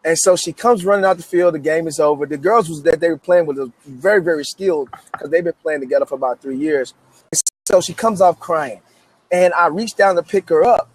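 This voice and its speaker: A man's voice: a little high, brisk. A man in his thirties from Memphis, a guest author telling his story in an interview with eager energy and many restarts. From Memphis, United States. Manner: energetic, repetitive restarts, emphatic.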